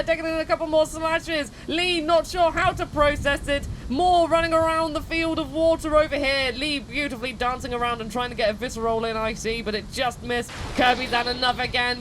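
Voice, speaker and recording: A woman co-hosting a stream, giving excitable sports-style play-by-play of a game fight. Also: sits high, a little hiss or hum. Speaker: stream co-host and commentator. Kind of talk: live game commentary.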